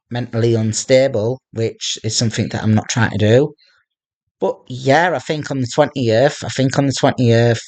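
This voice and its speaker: A man in his thirties from northeast England speaks slowly in a personal video diary. His voice sits at an ordinary middle pitch, and he keeps stopping to repeat and restart his phrases as he goes. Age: 30s. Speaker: vlogger.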